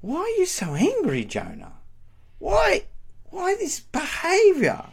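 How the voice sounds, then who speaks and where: A man preaching a sermon, animated and emphatic, asking rhetorical questions. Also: very high-pitched, slow pace, vocal fry.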